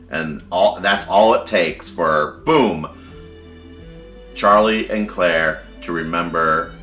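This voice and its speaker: A man's voice: deep voice, pushed and bright, echoey room. A man casually retelling a story he wrote, with fillers like "like" and "kinda". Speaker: fan storyteller.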